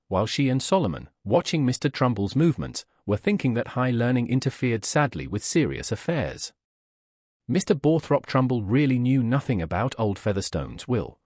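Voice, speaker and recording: A man reading a classic novel aloud as an audiobook narrator, in a measured, expressive way. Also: medium pitch, husky, no echo, clean studio sound. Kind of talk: scripted narration.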